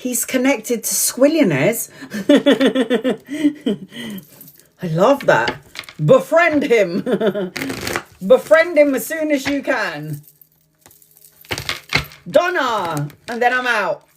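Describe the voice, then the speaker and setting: A woman's voice: a little high, very animated, extremely slow, long pauses, background noise. A woman doing a live tarot reading, chatting and often laughing while she talks, now and then stretching out phrases for emphasis. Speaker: tarot reader.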